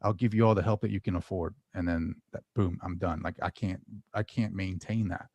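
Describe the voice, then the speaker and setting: A low, gravelly man rambling through casual spiritual chat with lots of restarts. His voice sits dry and close to the mic. He picks up energy when he tells a story. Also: fairly quick, no room sound, muffled recording. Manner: rambling, full of restarts and fillers, animated when telling a story. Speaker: guest.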